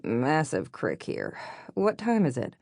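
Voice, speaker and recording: A woman reading as a wry young woman with a joking edge, slowing into lazy drawn-out words. The voice sits close and dry, in a low register. She sounds easygoing and playful. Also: huge pitch swings, a little mellow, dry recording, full character voice. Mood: groggy.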